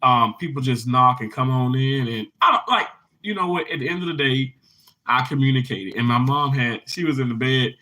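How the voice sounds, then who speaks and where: A man's voice: mid-range voice, normal speed, poor audio. A man hosting a casual livestream, telling a heartfelt story with many restarts and then cheerfully greeting viewers in the comments. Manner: lively and upbeat greeting viewers.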